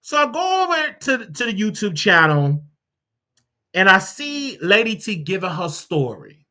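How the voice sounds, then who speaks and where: Woman host, gossip commentary, lively swinging pitch, bright tone. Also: a little slow. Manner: animated, chatty storytelling with frequent restarts.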